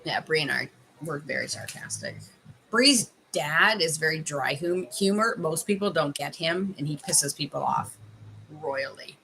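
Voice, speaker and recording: A woman's voice: low-pitched, lively intonation, unhurried, bright, forceful tone, slight background noise, poor audio. A middle-aged woman from Canada doing a casual livestream as a life coach, chatting with viewers while tasting candies and giving advice.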